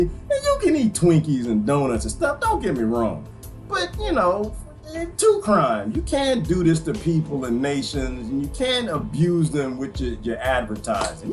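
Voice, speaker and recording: An excitable man hosts a livestream, rambling and laughing as he talks. His voice is very animated, and soft music plays faintly behind him. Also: fairly high pitch. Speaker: livestream host. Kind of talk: livestream commentary.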